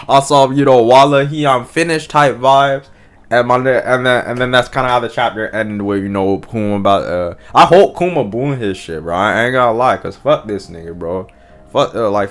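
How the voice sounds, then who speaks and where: A man's voice: fairly low pitch, a bit bright. A young man giving a casual reaction commentary, full of profane slang, fillers and restarts. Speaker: manga reaction vlogger.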